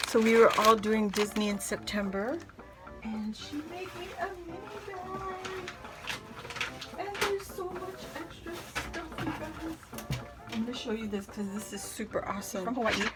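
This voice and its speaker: Woman, higher-pitched, casual unboxing chat, excited exclamations, crinkling paper and clicks audible. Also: background noise. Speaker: craft vlogger opening mail.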